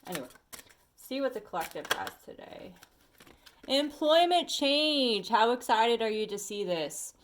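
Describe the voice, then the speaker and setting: A woman at home giving a casual tarot reading to her viewers, chatty and animated, talking straight to the listener. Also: on the high side, unhurried, background noise. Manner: sings snatches of songs and talks to bugs. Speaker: tarot reader. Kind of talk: casual weekly energy reading.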